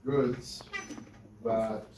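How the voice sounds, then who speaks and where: Speaking extremely slowly in a steady, mid-range voice, a male lecturer addresses his students in a lecture hall, checking in often with "right?". Background noise is present, and the distant recording carries the room's echo.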